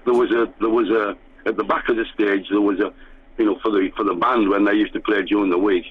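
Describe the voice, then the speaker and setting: A man's voice: on the low side, steady tone, quick pace, slightly rough, no echo. An older man from England, a former band musician, reminiscing in a radio interview, rambling with many fillers and restarts. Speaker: guest musician. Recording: tinny phone-line radio sound.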